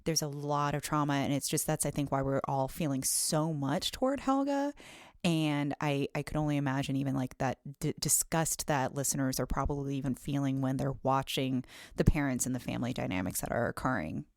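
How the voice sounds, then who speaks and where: Woman psychologist guest, low and dry, earnest clinical explainer. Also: animated, brisk, a little mellow, dry recording. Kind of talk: explanatory podcast talk.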